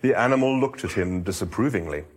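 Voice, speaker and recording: A man's voice: lowish voice, lively intonation, fast. Man reading a story aloud expressively. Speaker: volunteer reader. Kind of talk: reading a fiction passage aloud.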